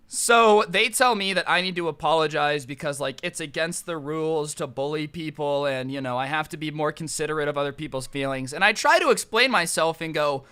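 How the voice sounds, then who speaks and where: A young American man telling a comedic storytime monologue, animated and sarcastic, with quick asides. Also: on the high side, clear, resonant tone. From United States. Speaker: storytime YouTuber.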